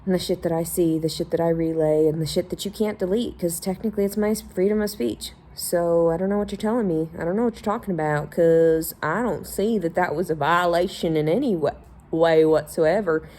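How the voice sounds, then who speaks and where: A woman's voice: lowish voice, fairly quick, a little mellow. A woman hosting a podcast, ranting in a sarcastic, profane casual monologue. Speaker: podcast host.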